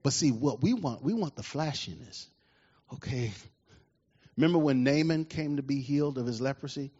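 A man preaching a sermon in an animated way, often asking the congregation questions, with a husky voice. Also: mid-range voice, normal speed. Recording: dull lo-fi recording.

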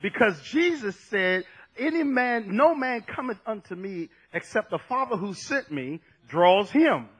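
A man preaching a fervent sermon, dropping low and then shouting as he acts out scripture. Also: lively intonation, unhurried, husky, poor audio.

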